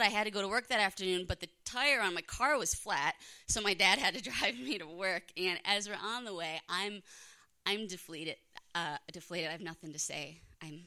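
A woman's voice: on the low side, bright, forceful tone. A young woman telling a candid personal story on stage at a live storytelling event, self-mocking and laughing through the hard parts.

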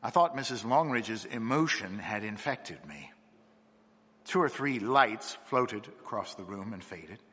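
A man reading a ghost story aloud in a measured, expressive storytelling manner. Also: lowish voice, breathy edge, big-room sound. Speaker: narrator. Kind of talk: scripted narration of a ghost story.

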